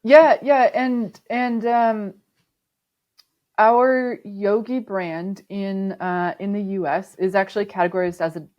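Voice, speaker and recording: A woman's voice: medium pitch, steady tone, takes it slowly, a little mellow, lo-fi sound. A woman guest on a podcast interview, explaining her work thoughtfully with frequent ums and restarts. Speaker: sustainability manager, podcast guest. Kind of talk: conversational interview.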